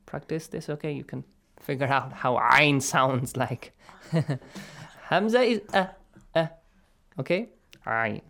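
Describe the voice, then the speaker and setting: A male recitation teacher on a radio lesson speaks a little slowly in an animated, medium-pitched voice that is gravelly, pushed and bright. Patient and encouraging, he coaches students by explaining sounds and modeling them.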